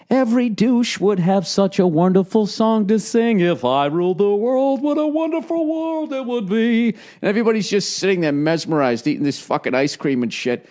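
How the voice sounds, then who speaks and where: A man's voice: mid-range voice, a little mellow. Profane ranting middle-aged man. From United States. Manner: profane, ranting, acts out quoted voices. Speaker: podcast host. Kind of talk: rambling comedic monologue.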